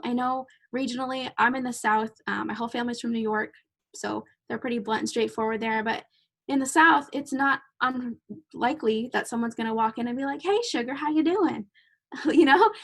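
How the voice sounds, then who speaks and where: A woman in her thirties hosts a casual podcast conversation as a chatty storyteller, laughing easily as she tells her stories. Her voice sits a little high and has a gravelly, vocal-fry edge. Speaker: podcast host and clinician.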